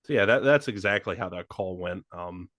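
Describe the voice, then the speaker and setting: A man's voice: low-pitched, normal speed, fairly bright tone, no room sound, studio quality. A man co-hosting a casual comedy podcast, joking crudely. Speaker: podcast co-host.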